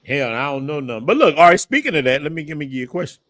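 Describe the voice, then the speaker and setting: Loud casual male live-stream host. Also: a little high, sing-song, rapid-fire. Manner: loud interjections, casual slang.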